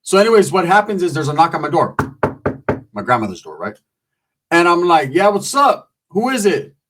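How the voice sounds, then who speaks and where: A man telling a comic story in a casual, profane, slangy way, breaking into squeaky voices when he quotes people. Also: sing-song, moderate pace, a bit bright, a little hiss or hum.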